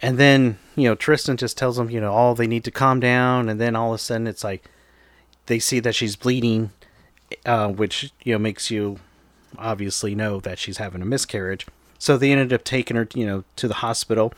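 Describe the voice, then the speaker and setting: A man's voice: medium pitch, steady tone, normal speed, no room sound. Rambling man recapping a film. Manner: rambling, heavy use of "you know" and "like". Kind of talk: casual movie recap.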